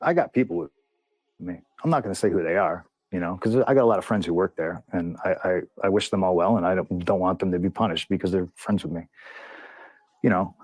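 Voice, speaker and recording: A man's voice: low voice, a little fast, a little mellow, dry recording. A man being interviewed, retelling a backstage clash in a blunt, profane, heated way. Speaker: interview guest. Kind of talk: casual storytelling in an interview.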